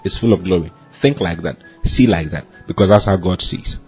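A man's voice: sits low, a little fast, slightly rough, muffled recording, soft background music. A man pastor hosting a short devotional sermon, preaching emphatically and repeating key phrases. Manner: emphatic preaching, repeats phrases, says "you see" and "hallelujah" often. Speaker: pastor and host.

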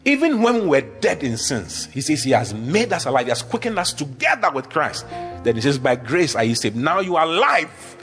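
A man's voice: a little high, sing-song, normal speed, fairly bright tone, faint music behind. A man preaching a sermon with emphatic, repetitive declarations, leading the congregation in call-and-response.

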